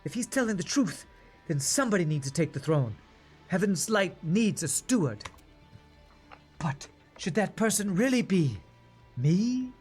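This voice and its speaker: A man's voice: sits high, big pitch swings, unhurried, long pauses, darkish tone, breathy edge, faint music behind, voice pushed up, heavily acted. A man doing an anxious young demon queen. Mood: worried. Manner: uncertain, questioning. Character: anxious young female demon ruler, doubtful of herself.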